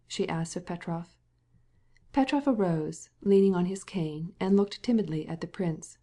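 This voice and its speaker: A woman narrating a classic novel audiobook in a measured, even reading. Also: fairly low pitch. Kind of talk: scripted narration.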